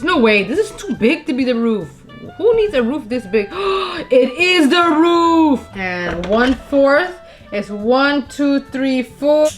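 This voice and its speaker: A young woman vlogging as she builds something by hand, chatting to herself and her viewers in a casual, animated way. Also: on the high side. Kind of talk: casual chat while crafting.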